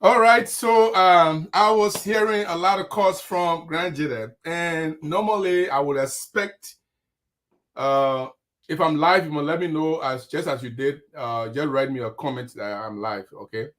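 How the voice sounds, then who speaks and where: A man hosts a live online talk show in a fairly high voice. He leans hard on every point and speaks with deliberate emphasis. He sounds middle-aged. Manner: emphatic, forceful delivery.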